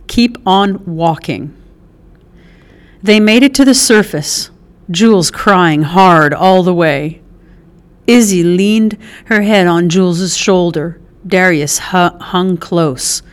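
A woman reading a novel aloud as an audiobook narrator, measured and unhurried. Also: lowish voice. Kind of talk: scripted narration.

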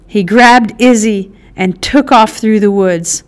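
A woman narrating an audiobook in a measured, expressive way. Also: mid-range voice, smooth. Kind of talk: scripted narration.

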